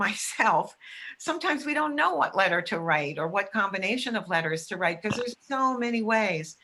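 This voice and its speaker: Bright-voiced woman lecturing emphatically. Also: mid-range voice, a little hiss or hum. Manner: explanatory, emphatic, demonstrates sounds aloud. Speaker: teacher educator presenting. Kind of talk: webinar lecture.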